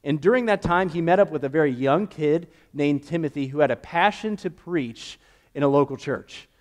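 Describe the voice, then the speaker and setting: A young man preaching a sermon in a relaxed, conversational way, telling personal stories and acting out the quotes. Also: a little high, moderate pace. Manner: conversational, animated storytelling with acted-out quotes. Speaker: pastor.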